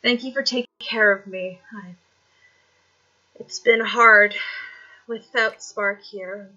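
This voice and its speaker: A woman voicing a frail mother figure with a soft, weak, shaky voice. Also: medium pitch, steady tone, slow pace, muffled recording, full character voice. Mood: gentle.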